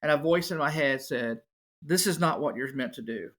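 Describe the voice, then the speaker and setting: A man, a musician and podcast guest, telling his story in a casual, animated way. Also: a little high, moderate pace. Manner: animated, acts out other people's voices.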